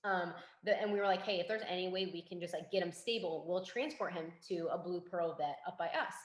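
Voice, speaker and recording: A young woman, a forensic investigator, telling a story in a casual interview and acting out the quoted dialogue in a lively way. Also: on the low side, brisk. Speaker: guest, forensic investigator and K9 handler. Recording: roomy echo.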